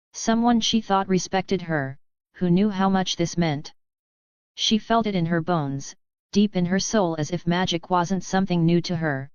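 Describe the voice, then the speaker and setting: A woman narrating a webnovel audiobook in an even, measured reading. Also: on the low side, smooth, no echo, lo-fi sound.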